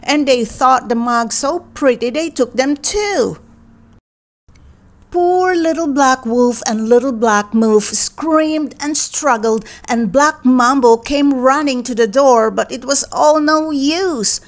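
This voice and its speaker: Slow, gentle woman reading a storybook. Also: high-pitched. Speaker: read-aloud narrator.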